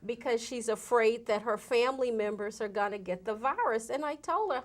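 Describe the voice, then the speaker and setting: A woman guest from an AIDS service organization talks earnestly and emphatically about her outreach work in a casual interview show conversation. Her voice is on the high side and animated, and she speaks fairly quickly with hardly any pauses.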